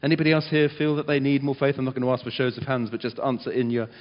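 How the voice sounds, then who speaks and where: Male preacher, animated storyteller, muffled recording with long hall reverb. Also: medium pitch, very fast. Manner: animated storyteller, dramatizes quotes loudly. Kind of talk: sermon.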